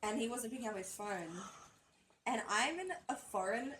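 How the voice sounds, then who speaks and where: A woman's voice: fairly high pitch, lively intonation, normal speed, fairly bright tone, a little hiss or hum, low-quality recording. A young woman from Australia co-hosting a podcast, telling a story in casual chat, swearing often and acting out quotes. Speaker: podcast co-host.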